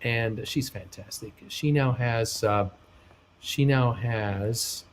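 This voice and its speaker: A man in the middle of his vocal range hosts a live travel chat stream. He reads out viewer comments in a loose, friendly way, pausing often with "uh" and "um". He turns upbeat and pleading when he asks for thumbs ups. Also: mid-range voice. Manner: hesitant, many uh and um fillers. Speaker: live show host reading chat.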